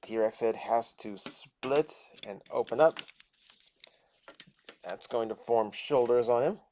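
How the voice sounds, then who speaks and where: A man's voice: mid-range voice, takes it slowly, darkish tone, a little hiss or hum. A man casually reviewing a toy, chatting and thinking aloud as he transforms it step by step.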